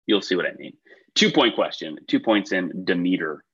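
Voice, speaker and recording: Lively low-voiced man hosting a quiz. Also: moderate pace, husky, dull audio. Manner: upbeat, chatty asides between questions. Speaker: quiz show host. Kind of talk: reading trivia questions on a video call. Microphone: video call.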